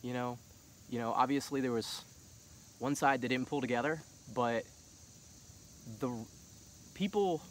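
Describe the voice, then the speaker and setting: Middle-aged man, casual monologue, passionate, lots of fillers, mid-pitched voice. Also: a little hiss or hum. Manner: passionate, rising to heated shouting; casual, filler-heavy talk. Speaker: vlogger.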